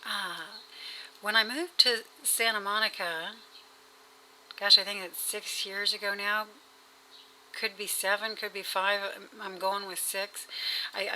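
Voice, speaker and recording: A woman's voice: mid-range voice, sharp tone, a little hiss or hum, low-quality recording. A woman talking in a casual video diary, rambling and hesitant, with many fillers and restarts. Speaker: vlogger. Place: at home.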